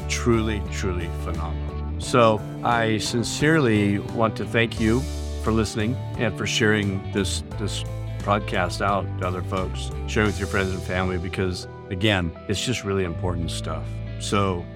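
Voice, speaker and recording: A man's voice: fairly low pitch, steady tone, moderate pace, over music. A man hosting a podcast, telling stories in an earnest, enthusiastic, casual way. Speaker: podcast host. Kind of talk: casual storytelling monologue.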